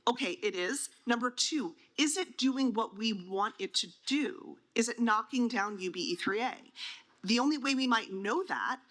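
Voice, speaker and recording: A woman's voice: on the high side, animated, moderate pace, a bit bright. A woman on a conference panel, explaining drug trials to families in a plain, teacherly way, asking and answering her own questions.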